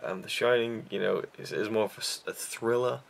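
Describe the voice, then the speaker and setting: This is a gravelly, fairly low male voice moving at a brisk clip. He's a young YouTube reviewer chatting loosely about films he loves, wandering off track, putting himself down, and constantly restarting or filling gaps.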